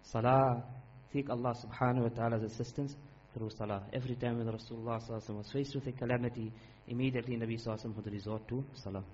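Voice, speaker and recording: A man delivers an earnest, emphatic sermon at a middling pitch, leaning on repetition and quick recitation of Arabic verses. The recording is dull and lo-fi, with a faint hum underneath. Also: fairly even intonation, a little mellow. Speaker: Islamic preacher.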